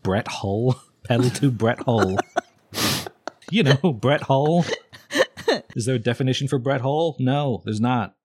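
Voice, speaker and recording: Halting, hedging voice in a podcast chat. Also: mid-range voice, darkish tone, husky, dry recording. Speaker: podcast guest. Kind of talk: casual brainstorming chat.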